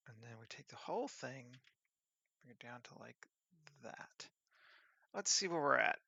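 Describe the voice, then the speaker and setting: Guy with a really gravelly, bright voice mumbling through his 3d work, dry dull lo-fi mic. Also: medium pitch, expressive, normal speed, no echo. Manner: mutters half-finished commands to himself. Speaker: 3D artist working on a scene. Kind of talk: thinking aloud while working on screen.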